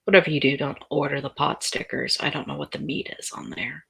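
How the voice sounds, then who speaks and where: A woman's voice: deep voice, lively intonation, brisk, gravelly, a bit bright, husky, full character voice. Woman voicing a friendly male food guide. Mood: helpful. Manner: helpful, gossipy warnings.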